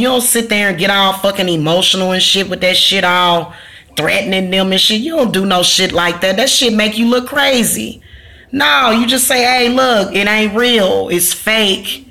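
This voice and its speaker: A woman's voice: medium pitch, sharp tone. A woman vlogger, talking casually and bluntly to her viewers, cursing and ranting. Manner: blunt, profane, ranting, slangy. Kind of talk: casual talk to camera.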